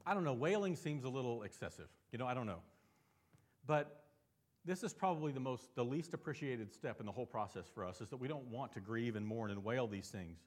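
Pastor guy preaching, chatty, mid pitch, gets loud and excited then drops soft and serious. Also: fairly quick. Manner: conversational preaching with frequent rhetorical questions; swings between animated emphasis and soft, low earnest passages. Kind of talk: sermon.

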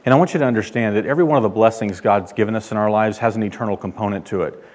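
A male pastor delivering a sermon, emphatic, rising and getting louder when he quotes God. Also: lowish voice, racing. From California. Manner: emphatic preaching, loud when quoting God.

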